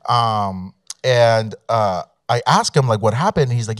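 A man's voice: on the low side, unhurried, dry recording, clean studio sound. A man, an immigration attorney, telling a personal story to an audience in a conversational way, with fillers and quoted dialogue. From Mexico. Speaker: immigration attorney, guest speaker. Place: law school event room.

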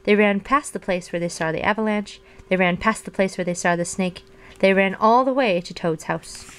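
A woman reads a children's storybook aloud in an even, clear storytelling voice. Between stories she drifts into relaxed, chatty reflection. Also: mid-range voice, normal speed, a little hiss or hum. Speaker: reader and video host. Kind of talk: reading a children's storybook aloud, then casual chat.

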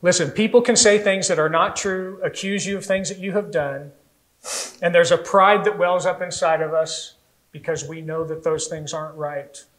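An American man preaches a sermon from the pulpit, his voice pitched high. He tells stories with animation and slips into little voices for the people in them. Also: steady tone, moderate pace, fairly bright tone, poor audio. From United States. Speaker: pastor.

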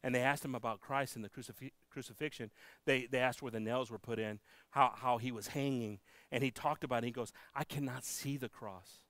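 A man preaching a sermon, moving between loud proclaiming and hushed pleading, with halting restarts. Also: medium pitch, steady tone, no room sound. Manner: halting, with many restarts and fillers. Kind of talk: bilingual sermon. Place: church.

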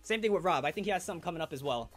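A young man hosts a live stream from home, talking to his chat in loose, hyped slang. His voice sits a little on the high side, with faint music playing underneath. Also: animated, very fast. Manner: hyped, slangy, chatty with viewers. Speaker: live stream host opening trading cards.

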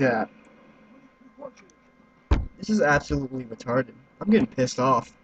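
A young man giving let's-play commentary, excitable, swearing and yelling at other players. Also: medium pitch, unhurried, pauses often. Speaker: gaming YouTuber. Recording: slightly muffled with faint noise.

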